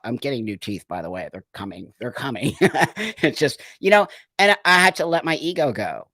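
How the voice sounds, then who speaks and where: A man's voice: mid-range voice, fairly bright tone, no room sound. A man in his sixties hosting a live stream, talking emphatically and reading viewers' comments. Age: 60s. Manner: emphatic, conversational, acts out quoted voices, laughs. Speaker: host.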